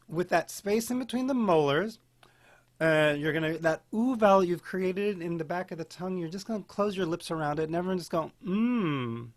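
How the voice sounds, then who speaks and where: A man with a high voice teaches a beginner singing class online, guiding students through breathing and posture and demonstrating vocal warm-ups in a playful, encouraging way. He's on a home video-call mic, with keyboard accompaniment in the background.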